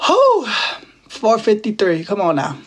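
A man's voice: high voice, brisk. A man in his twenties from Texas, chatting casually and teasing viewers on a phone livestream, with playful, slangy banter. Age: 20s. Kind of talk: casual live-stream chat with viewers.

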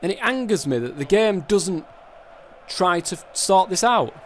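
A man's voice: high voice, animated, a little slow. A young man commentating his football game in casual chat, swearing a lot and ranting in frustration at the game. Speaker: gaming YouTuber.

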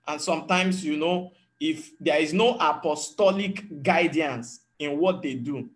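A man's voice: on the high side, a bit bright. A man, preaching a sermon as a pastor in an earnest teaching tone and acting out voices of people he quotes. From Nigeria.

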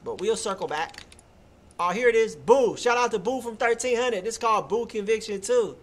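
A man's voice: high-pitched, moderate pace. A man hosting a live music review show, chatting casually in loose slang and filling his talk with "like" and "you feel me". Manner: hyped and loud when cheering a track. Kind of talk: casual live-stream commentary.

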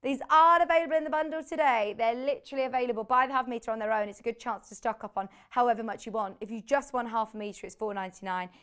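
A woman's voice: fairly high pitch, fast, hardly any pauses, a bit bright, smooth. A woman presenting live on a shopping channel from a TV studio, chatty and bubbly, laughing easily as she shows fabrics. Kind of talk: live TV product selling.

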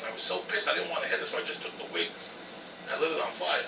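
Brash New comic in his fifties, lively high-pitched delivery, heard from a distance. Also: racing, a loud crowd. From New Jersey. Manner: boisterous, swears constantly, laughs while telling. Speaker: comedian. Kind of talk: profane storytelling. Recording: roomy clip played back from a distance with music.

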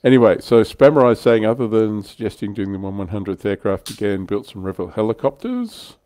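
A man's voice: fairly low pitch, animated, brisk, dark tone, no echo. An older man hosting a casual livestream chat, chatty and self-deprecating, laughing often. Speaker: livestream host.

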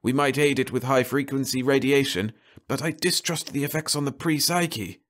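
Guy doing an older court doctor in a fantasy audiobook, careful and measured, voice pitched up. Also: fairly bright tone, natural voice. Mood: wary. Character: older male court physician, cautious.

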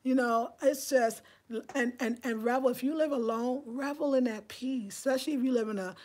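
A New York lifestyle vlogger in her fifties chats casually to the camera from indoors at home, breezy and friendly as if talking to girlfriends. Her voice is high and a little mellow, at a moderate pace.

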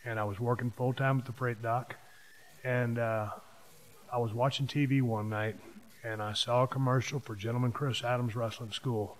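A man, hosting a podcast and telling stories from his past in a casual monologue, hitting key words with sudden louder bursts. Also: medium pitch. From Texas. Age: 50s. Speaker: podcast host.

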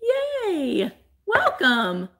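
A chatty woman runs a live online sale, playful and quick to laugh. Her pitch is lively and bright, and her pace is unhurried. She talks straight to her viewers, greeting them by name. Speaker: live-sale host selling vintage items. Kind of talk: casual live-stream auction chat.

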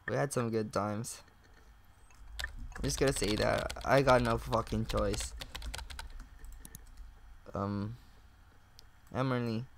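A man's voice: medium pitch, gravelly, a little hiss or hum. A young man casually commenting while playing a chat game, reading messages aloud, swearing and laughing often. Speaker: gaming YouTuber. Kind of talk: casual let's-play commentary.

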